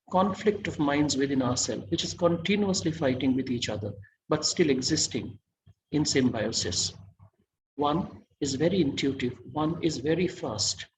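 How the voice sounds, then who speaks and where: A man's voice: fairly high pitch, a little mellow, a little hiss or hum, low-quality recording. A man giving an online masterclass lecture, quizzing his audience and praising their answers.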